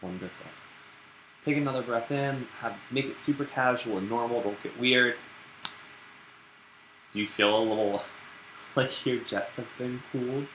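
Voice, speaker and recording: A man teaching a live-streamed yoga class in a relaxed, chatty and playful way. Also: medium pitch, a little slow, long pauses. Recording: roomy echo with background noise.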